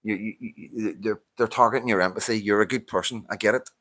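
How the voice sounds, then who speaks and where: A man's voice: lowish voice, steady tone, quick pace, a bit bright, no echo. A man with a Northern Irish accent, talking to camera in a heated, casual monologue as he answers a viewer, swearing often and stumbling over repeated restarts. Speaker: vlogger answering a viewer's comment.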